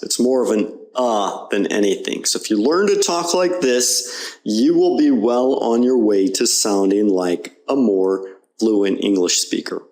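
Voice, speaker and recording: A man teaching English pronunciation, modeling words slowly and leading repeat-after-me drills. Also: medium pitch. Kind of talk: pronunciation lesson.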